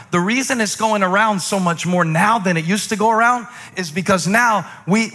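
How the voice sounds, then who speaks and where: Man, pastor, sermon, high voice, sharp bright tone, conversational with humorous asides. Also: long reverb tail. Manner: animated preaching that swings between loud emphatic peaks and quiet musing asides.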